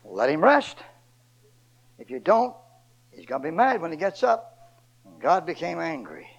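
An older man preaching a sermon, originally from Ohio, swinging from loud emphatic lines to low quiet asides. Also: wildly swooping pitch, unhurried, gravelly, muffled recording. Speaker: pastor.

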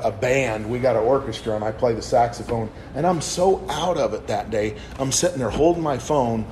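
With a medium-pitched voice, moderate pace and few pauses, a forties-aged male youth speaker offers young listeners a candid, meandering testimony sermon. He often breaks off and restarts his sentences, and steady noise sits in the background.

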